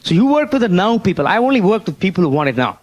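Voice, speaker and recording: A man's voice: high voice, very animated, fast, muffled recording. A man giving a motivational business seminar talk, prodding the audience with rhetorical questions and "Hello?" while drawing on a board.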